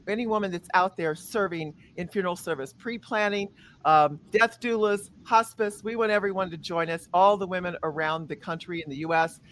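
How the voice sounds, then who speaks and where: A woman's voice: medium pitch, a bit bright, slight background noise. A woman hosting a podcast, chatting with guests in an upbeat, enthusiastic way. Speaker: podcast host. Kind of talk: casual podcast chat.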